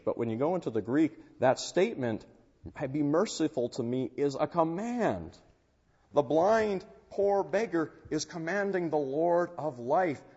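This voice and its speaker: Male pastor, sermon, slightly high voice, dull lo-fi sound. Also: husky. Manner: slow, earnest preaching that swells on key phrases. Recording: dull sound with long church reverb.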